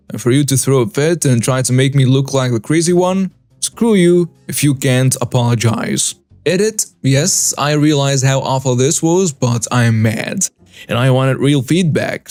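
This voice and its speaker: A man's voice: medium pitch, no room sound. A man narrating a reader-submitted story as scripted narration, reading in short clipped phrases. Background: soft background music.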